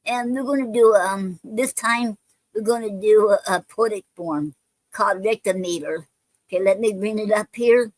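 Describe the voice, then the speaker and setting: A woman's voice: medium pitch, moderate pace, no room sound, poor audio. A woman hosting a casual live stream, talking with many ums and restarts.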